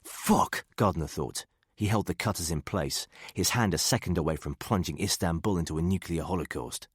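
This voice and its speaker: A man reading a thriller audiobook in a measured, even way. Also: low voice, breathy edge, no room sound, studio quality. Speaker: audiobook narrator. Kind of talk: scripted thriller narration.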